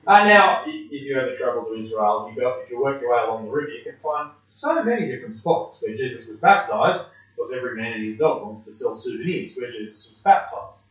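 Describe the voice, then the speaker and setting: A man's voice: medium pitch, sing-song, fast talker, a bit bright. A man preaching a sermon in a conversational way, with frequent hesitations and fillers. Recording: distant, dull, very echoey room.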